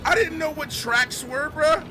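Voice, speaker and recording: A young adult man streaming, telling profane, animated stories and laughing through them. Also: extremely high pitch, measured pace, noisy background. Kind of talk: casual storytelling.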